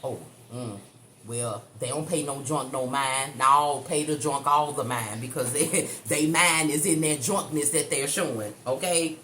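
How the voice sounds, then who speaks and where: A woman's voice: very deep voice, a little slow, a bit bright. A woman giving a chatty, blunt tarot reading, swearing freely and calling her listeners baby and honey. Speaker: tarot reader. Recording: echoey room with faint ambient noise.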